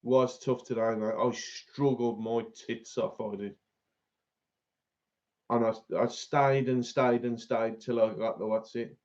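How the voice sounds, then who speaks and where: Male host, casual and chatty, average pitch, lo-fi recording. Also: flat delivery, slow pace, darkish tone. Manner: chatty, laughs often, reads out viewer comments. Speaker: fishing channel host. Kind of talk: casual live-stream chat.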